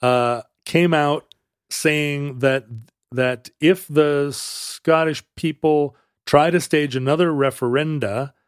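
A man co-hosting a podcast, telling a history story in a casual, halting way with frequent restarts. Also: fairly high pitch, fairly even intonation, clear, resonant tone, dry recording, clean studio sound. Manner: halting, many restarts and fillers, wry. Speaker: podcast co-host.

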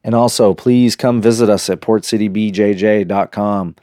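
A man hosting a casual podcast, a relaxed storyteller who acts out the quotes, recorded outdoors in a park. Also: on the low side, normal speed. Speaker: podcast host.

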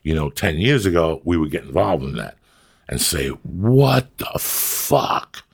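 A middle-aged man with a rumbling low voice, some vocal fry and a slightly rough edge speaks at a moderate pace. He's an actor and comic appearing as a guest on a casual podcast, rambling through stories in a blunt, profane way.

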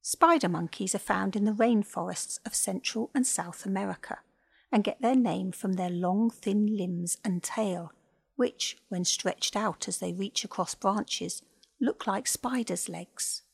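Gravelly woman reading stories. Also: mid-range voice, measured pace. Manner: gentle, clear storybook reading. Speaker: storyteller and podcast host. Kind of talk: scripted narration.

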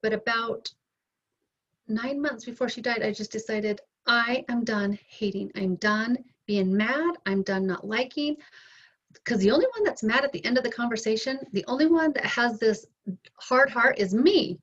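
A middle-aged woman speaks as an interview guest in a fairly high voice, candidly recounting past conversations and voicing both sides herself. The recording sounds dull and lo-fi. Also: normal speed, fairly bright tone. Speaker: interview guest, bereaved mother. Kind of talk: emotional personal storytelling.

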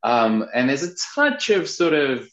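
A man's voice: mid-range voice, huge pitch swings, measured pace, a bit bright, reverberant, muffled recording. A man from Australia, a guest cartoonist, chatting casually and rambling a little in an interview.

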